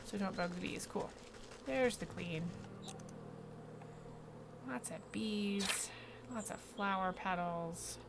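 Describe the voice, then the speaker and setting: A woman streaming a video game, commenting in a dry, low-key way and muttering to herself. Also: takes it slowly, pauses often, noisy background.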